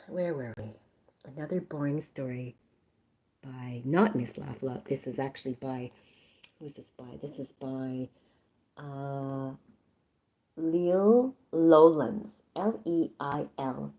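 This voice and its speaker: A woman's voice: extremely low pitch, slow pace, long pauses, mellow. A woman reading a story aloud on a live stream in a chatty, playful way, breaking off for jokes and asides. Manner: chatty, playful, swears and jokes between passages.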